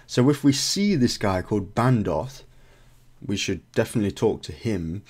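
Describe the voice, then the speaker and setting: A man's voice: fairly low pitch, lively intonation, normal speed, a little mellow. A man hosting a game video, chatting through his playthrough and laughing at his own slips. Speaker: gaming video host.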